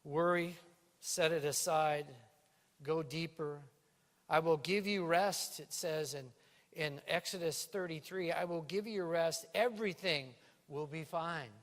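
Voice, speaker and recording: A male pastor preaching a sermon in a church, lively and playful, with a stage microphone. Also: fairly high pitch, measured pace. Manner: lively preaching with playful put-on island lilt. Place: church sanctuary. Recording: reverberant church hall.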